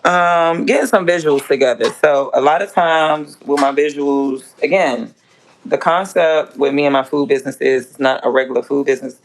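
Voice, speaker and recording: A low-pitched woman, a home cook and food vlogger, chats casually with her livestream while cooking at a moderate pace. She's blunt and profane, scolding and rambling as she goes, and the recording quality is low.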